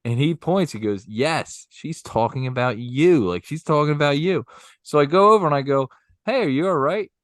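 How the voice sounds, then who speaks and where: Animated male storyteller, dry close sound. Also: mid-range voice, normal speed, no room sound. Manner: animated storyteller, acts out quoted voices. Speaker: podcast co-host telling a bar story. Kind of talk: casual storytelling chat.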